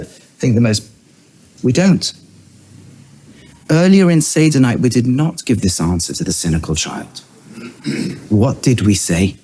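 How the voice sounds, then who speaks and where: A middle-aged man, a rabbi, giving a teaching lecture, swinging between high emphatic bursts and low quiet asides, and weaving in Hebrew terms he then translates. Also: husky. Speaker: rabbi and educator.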